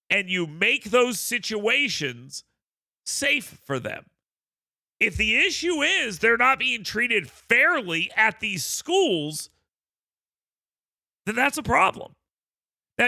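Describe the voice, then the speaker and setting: A man's voice: high voice, bright, forceful tone, no echo. A man hosting a political talk radio show, blunt, emphatic and sarcastic, on a studio mic. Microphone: studio broadcast mic.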